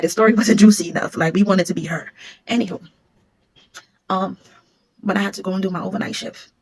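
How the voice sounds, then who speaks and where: A woman's voice: on the low side, husky, low-quality recording. A woman telling a story in a blunt, emphatic, conversational way. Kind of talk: casual storytime.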